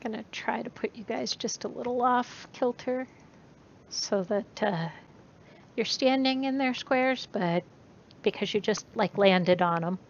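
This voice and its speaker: Slow-paced woman running a tabletop game. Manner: unhurried, with frequent fillers. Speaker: game master. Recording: muffled recording with faint rumble.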